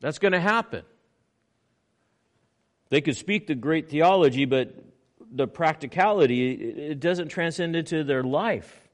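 A man preaching a sermon, animated, acting out little scenes in quoted voices. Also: measured pace, pauses often. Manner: animated preaching with swings in pitch and loudness. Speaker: pastor.

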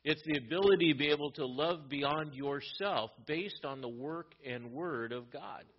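A man's voice: fairly high pitch, normal speed, slightly rough, lo-fi sound. A male pastor giving an explanatory sermon, teaching from a Bible letter with frequent restarts.

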